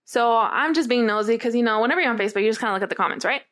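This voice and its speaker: Young woman, slightly high voice, casual chat, animated storytelling, swears a lot. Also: racing. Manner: animated storytelling, swears freely, keeps asking "right?".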